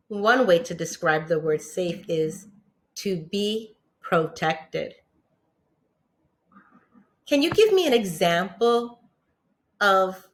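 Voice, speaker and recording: Very slow, patient kindergarten teacher woman. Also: medium pitch. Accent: New York English. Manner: patient, pauses for pupils to answer, praises often. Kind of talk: slow, encouraging classroom lesson for young children.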